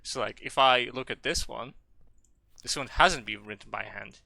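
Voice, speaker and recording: A man streaming a video game live, rambling and joking with profanity, with sudden loud excited bursts. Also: mid-range voice, normal speed, gravelly, no room sound. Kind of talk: casual live gameplay commentary.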